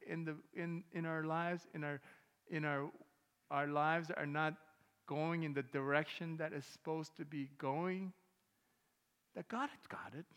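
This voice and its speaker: A male pastor preaches to his congregation in a relaxed, conversational way, slipping into the voices of the people in his stories. His voice sits a little high for a man. The sound rings out with a long reverb through a church hall. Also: smooth. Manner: conversational storytelling, acts out dialogue. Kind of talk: sermon. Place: church sanctuary.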